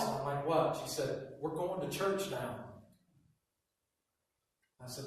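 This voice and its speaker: A man preaching a sermon as pastor, telling stories with quiet asides and loud emphatic bursts. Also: mid-range voice, measured pace, pauses often. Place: church hall. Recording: echoey hall from far off.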